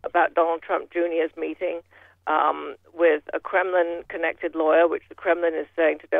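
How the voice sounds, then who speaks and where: A man's voice: fairly high pitch, flat delivery, normal speed, creaky, no echo. A man giving casual political commentary with a rambling, sardonic manner, full of restarts. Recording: tinny phone line.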